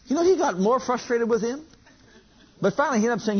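A man's voice: very high-pitched, expressive, fast talker, pauses often, husky. A man preaching a sermon, telling a story with acted-out dialogue and emphatic repetition. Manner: emphatic, repeats lines, acts out dialogue. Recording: dull lo-fi recording.

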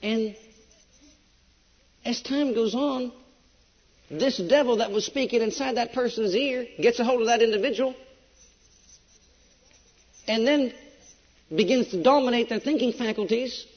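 Preacher, male, high voice, emphatic sermon delivery, dull old recording. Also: a little slow, pauses often. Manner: emphatic, swings between loud preaching and hushed storytelling. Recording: dull lo-fi recording with long hall reverb.

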